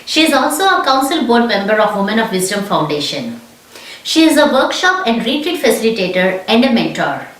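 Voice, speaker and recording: A woman hosting an event, formally introducing the next speaker in a clear tone. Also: fairly high pitch, sing-song, a little fast, fairly bright tone. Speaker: event host. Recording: echoey, distant from the mic.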